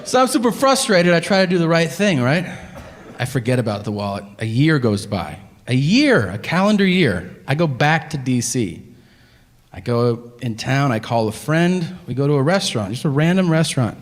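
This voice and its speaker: A man telling a stand-up story on stage, deadpan and exasperated as he acts out the dialogue. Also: mid-range voice, moderate pace. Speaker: stand-up comedian. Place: comedy theater stage. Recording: live theater hall with faint ambience. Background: audience laughter.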